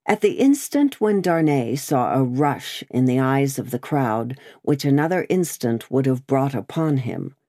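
Woman, low voice, lively intonation, audiobook narration, dry close sound. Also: no room sound. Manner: measured, expressive storytelling. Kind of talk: scripted narration.

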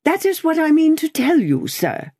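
A woman's voice: sits high, huge pitch swings, normal speed, dark tone, voice pushed up. Woman voicing a fussy, mild old bank clerk. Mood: polite, firm. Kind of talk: audiobook character voice.

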